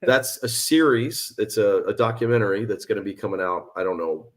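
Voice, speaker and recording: A man's voice: lowish voice, a little fast. A man, an actor and musician, chatting playfully as a podcast guest. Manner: playful, animated storyteller. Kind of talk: casual podcast interview.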